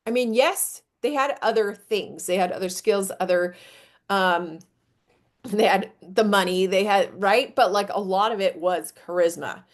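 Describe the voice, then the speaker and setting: Chatty woman hosting a live stream. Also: measured pace. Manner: chatty, filler-heavy, jumps up high when demonstrating energy. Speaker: host of a live business coaching stream. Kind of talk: casual live-stream talk.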